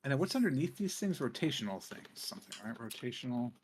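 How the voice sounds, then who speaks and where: A man's voice: mid-range voice, sing-song, quick pace, slight background noise. A man streaming a game, chatting casually and muttering to himself as he crafts items. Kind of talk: casual gameplay chat.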